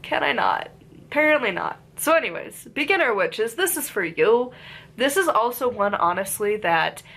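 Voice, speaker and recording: A woman reviewing a witchcraft book in a casual, rambling way, full of "like" fillers and lively asides, her voice congested from a lingering cold. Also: mid-range voice. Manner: chatty, lots of "like" fillers, animated asides.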